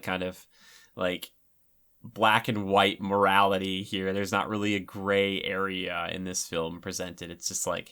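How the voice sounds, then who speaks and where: A man's voice: low voice, a bit bright, clear, resonant tone. A man giving casual commentary over a film, chatty and rambling, with lots of filler words.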